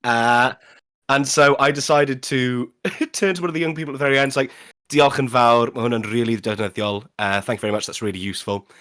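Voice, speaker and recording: A man from Wales chats casually on a live stream. He tells his anecdotes in quick bursts and slips into the voices of the people in them. His voice sits at an ordinary middle pitch. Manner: animated storyteller, speeds up when telling anecdotes; fond of acting out other people's lines. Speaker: podcast team member.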